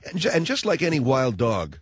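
A man's voice: medium pitch, huge pitch swings, a little fast, breathy edge, no echo. Brief: blunt, sarcastic male radio host ranting into a studio mic, dull dry sound. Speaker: radio talk show host. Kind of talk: talk radio monologue.

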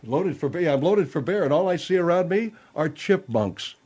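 A man playing a cantankerous, argumentative general who is a guest on a radio talk-show bit, gruff and insulting. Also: on the high side, lively intonation, normal speed, darkish tone, highs cut off. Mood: combative.

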